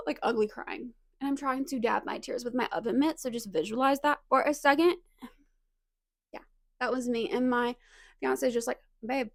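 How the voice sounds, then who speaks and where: A woman's voice: on the high side, gravelly, no echo, clean studio sound. A young woman with a slight Southern US accent, chatting nervously and rambling about books in a casual video, full of self-aware asides. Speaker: booktuber. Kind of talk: casual chat.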